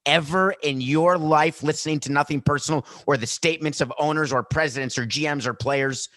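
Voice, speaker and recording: A man's voice: a little high, a bit bright, dry recording, studio quality. A man hosting a sports podcast, talking in a sarcastic, mocking way. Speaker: podcast host.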